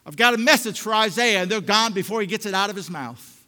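Male pastor preaching, high voice, dynamic swings from hush to loud, church reverb. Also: expressive, fast talker. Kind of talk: sermon. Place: church sanctuary.

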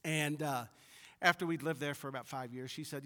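A middle-aged pastor preaches with a somewhat high voice, swelling into emphatic lines and then falling back soft and low. His voice carries a long reverb from a large hall. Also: steady tone, fairly quick. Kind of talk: sermon.

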